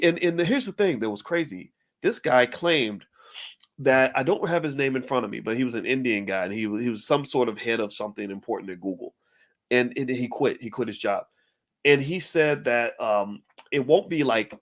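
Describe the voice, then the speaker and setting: Animated middle-aged man talking to camera. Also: medium pitch, moderate pace. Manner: animated, repeats words while talking things through. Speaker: finance commentator. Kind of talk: casual direct-to-camera commentary.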